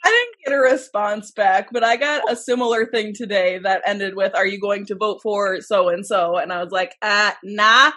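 A woman chatting casually as co-host, playful and quick to laugh and joke. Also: mid-range voice, a bit bright. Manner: giggly, playful, chimes in with jokes. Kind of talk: casual chat.

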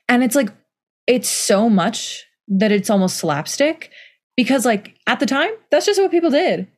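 A young woman co-hosting a casual book chat, rambling with many "like" fillers and restarts. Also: on the high side. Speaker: podcast co-host.

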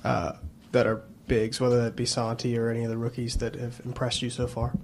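A male reporter poses a question at a media session, stopping and restarting partway through. His delivery is extremely flat and even. Faint background noise comes through. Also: medium pitch, fairly quick. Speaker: sports reporter. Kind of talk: press conference question.

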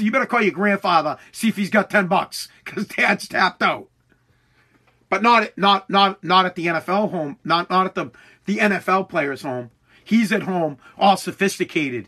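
A man ranting angrily with heavy profanity, mocking others with quick put-on voices. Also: high-pitched, pushed and bright. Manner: heated, profane, mocking impressions. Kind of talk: ranting commentary.

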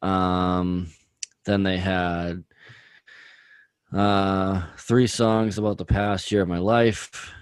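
A man's voice: low voice, level tone, very slow, pauses often, clear, resonant tone, no room sound. A man chatting casually about music, rambling with lots of "like" and "dude". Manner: rambling, heavy use of "like" and "dude".

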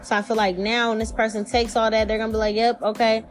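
A woman giving a casual spiritual reading, talking in a chatty, slangy way, swearing freely and acting out imagined voices with big jumps in pitch. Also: little pitch movement, fast talker, faint music behind. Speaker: tarot reader.

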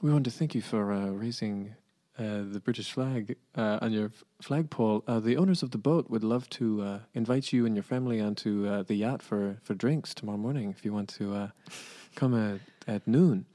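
A man's voice: lowish voice, normal speed, warm tone, natural voice. A man voicing a polite, formal messenger from a yacht, speaking courteously with small hesitations.

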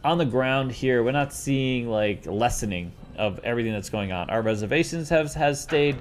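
A man's voice: medium pitch, normal speed. A man chatting casually as a local business owner, joking and rambling with frequent restarts. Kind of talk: casual chat. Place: based in Las Vegas.

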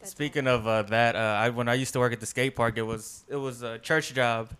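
A man's voice: mid-range voice, fairly even intonation, a little fast, fairly bright tone, clear, resonant tone. A man in casual chat with friends, asking questions and adding short replies. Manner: asks questions, brief backchannels.

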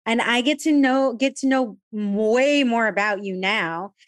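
A woman's voice: on the high side, measured pace, no room sound, clean studio sound. A woman hosting a podcast, chatty and gushing, sprinkling Spanish words into her English. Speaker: podcast host. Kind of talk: casual interview chat.

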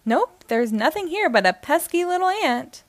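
A woman voicing a big, mean-looking grown man who talks gruffly and mockingly. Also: high voice, sing-song, normal speed, no echo, voice pushed up.

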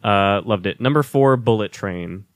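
A man's voice: lowish voice, a little slow, dry recording, studio quality. A man co-hosting a podcast in casual chat, enthusiastic and swearing freely as he runs through his list. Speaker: podcast co-host.

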